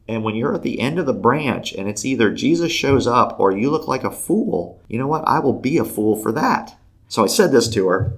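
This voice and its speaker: Animated storytelling man, lively pitch. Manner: acts out quotes with big pitch jumps; laughs between lines. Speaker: guest telling a faith story.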